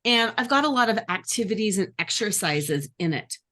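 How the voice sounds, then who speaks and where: A life coach teaching a workshop, lively and acting out the voices she describes. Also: mid-range voice, normal speed. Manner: animated, acts out inner voices.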